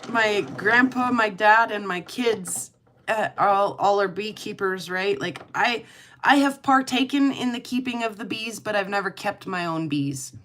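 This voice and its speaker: A woman's voice: mid-range voice, a little slow, a bit bright, slight background noise. A middle-aged woman hosting a casual livestream chat, rambling and laughing often as she talks. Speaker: livestream host.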